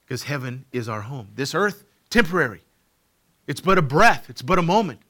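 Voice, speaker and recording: Middle-aged male preacher, bright tone, sermon delivery, dynamic from hushed to booming, repeats for emphasis. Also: sing-song, moderate pace. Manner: swings from quiet to loud, emphatic repetitions. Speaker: pastor.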